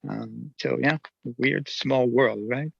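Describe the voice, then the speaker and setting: A musician with a French accent, telling stories in a casual interview, animated and laughing often. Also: male voice, mid-range voice, slow, vocal fry, breathy edge, no echo, highs cut off. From near Geneva. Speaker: musician guest.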